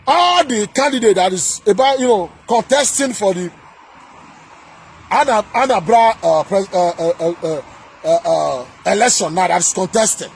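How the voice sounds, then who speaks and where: A man delivering an angry political rant, shouting, scolding and repeating himself. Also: sits high, sing-song, moderate pace, husky. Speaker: political commentator.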